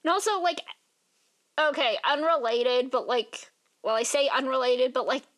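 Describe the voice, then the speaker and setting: A tired young woman rambles through a casual vlog chat, leaning on "like" in nearly every phrase. Her voice sits a little high, and she sounds worn out and sleepy. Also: normal speed, fairly bright tone. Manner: rambling, filler-heavy, says "like" constantly. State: tired, yawning. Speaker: art vlogger.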